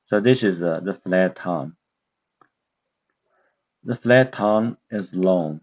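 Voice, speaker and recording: A man with a very low voice teaches a language lesson at an unhurried pace. He explains step by step and pauses often to search for words. The recording sounds dull and muffled. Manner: slow, careful, with many fillers and pauses. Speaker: Mandarin teacher.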